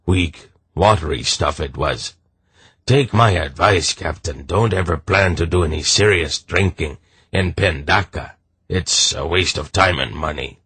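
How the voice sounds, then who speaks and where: Man playing a rangy merchant, offhand, chatty, deep, husky. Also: a little slow, a bit bright, no room sound, exaggerated voice. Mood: easygoing. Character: rangy, easygoing male merchant, shrewd and talkative.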